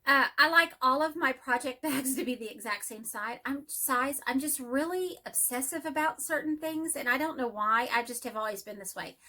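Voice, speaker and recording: A woman chatting excitedly about her cross-stitch projects in a casual home vlog, speeding up when enthusiastic. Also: high voice, moderate pace, hardly any pauses. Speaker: cross-stitch vlogger and teacher. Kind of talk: casual show-and-tell vlog.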